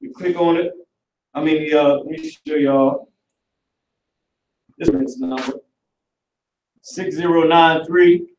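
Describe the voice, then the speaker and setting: A man teaching an online Hebrew class in a casual, animated way, talking aloud as he works through the screen. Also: fairly high pitch, slow, vocal fry, long pauses. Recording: roomy recording from far off the mic.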